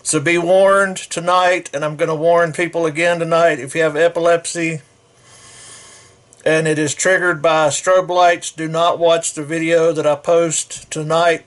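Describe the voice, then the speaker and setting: A man's voice: on the high side, little pitch movement, a little slow. A man hosting a casual product review, talking in a rambling, folksy way and correcting himself as he goes. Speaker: gear reviewer.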